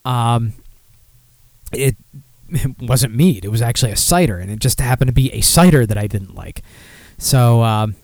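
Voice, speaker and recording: A man's voice: medium pitch, normal speed, long pauses, darkish tone, no room sound. A man hosts a casual beer podcast from a room at home, rambling and poking fun at himself. His voice sits in a middle register, and it is recorded close on a desk mic with a dry, dead sound. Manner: rambling, self-deprecating, with many fillers and restarts. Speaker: podcast host.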